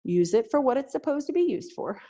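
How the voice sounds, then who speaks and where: A woman's voice: sits high, sing-song, brisk, warm tone, lo-fi sound. A woman teaching a chair yoga class over a video call, giving breathing and posture cues with chatty, joking asides. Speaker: yoga instructor.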